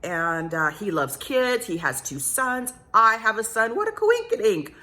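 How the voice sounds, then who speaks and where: Vlogger type: middle-aged woman with a crisp, bright tone, animated storyteller, pokes fun at herself. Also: medium pitch, unhurried. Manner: animated, self-mocking, laughs often. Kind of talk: casual storytelling.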